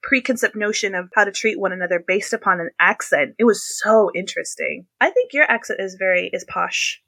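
An American woman hosting a casual chat, animated and laughing, her pitch swooping up often. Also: brisk, vocal fry, no echo. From United States. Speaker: host.

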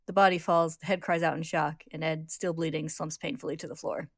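Woman, casual story recap, rapid delivery, dry sound. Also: low voice, no room sound. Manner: lively, brisk narration with acted voices.

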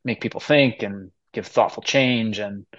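A man's voice: on the low side, measured pace, fairly bright tone, dry recording, lo-fi sound. Earnest, emotional man in casual interview. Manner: earnest, emotional, rambling with restarts. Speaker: podcast guest, musical theater actor.

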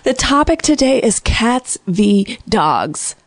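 A woman hosting a call-in radio show, quick and jokey, saying she is a bit sick. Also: a little high, very animated, dry recording, clean studio sound. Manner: fast, bubbly and joking, with frequent laughs. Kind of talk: casual call-in chat.

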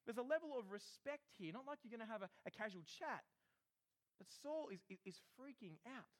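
Male preacher, sermon, high voice, animated, acts out quotes. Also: fairly quick.

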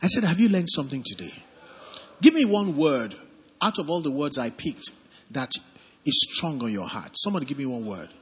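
A man's voice: mid-range voice, normal speed, slightly rough. A man with a Nigerian accent, a pastor preaching and leading prayer, calling on the congregation to respond. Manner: animated, calls on congregation to respond. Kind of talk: sermon with prayer. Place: church service hall. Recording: long hall reverb, faint music behind.

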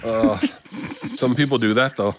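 A man's voice: mid-range voice, a little slow, no room sound. A man co-hosting a podcast, telling stories in casual chat with friends and acting out the quotes. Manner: animated storyteller, acts out quotes. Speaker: podcast co-host.

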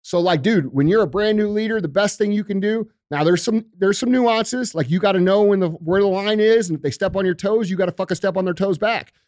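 A man's voice: sits high, brisk, few pauses, a little mellow, no echo, clean studio sound. A man on a podcast talking about leadership in an intense, fiery way, swearing often and calling people bro and dude. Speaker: podcast guest. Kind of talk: casual podcast interview.

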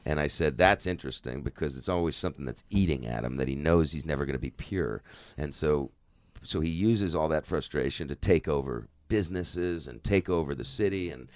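A man's voice: very deep voice, brisk, few pauses, no room sound. A middle-aged man, an actor guest, telling stories in a casual interview, swearing freely and acting out quoted dialogue.

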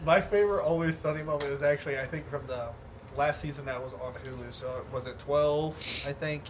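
A man's voice: a little high, brisk, noisy background. A man in casual chat, retelling funny scenes and laughing often. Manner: animated storyteller, laughs often.

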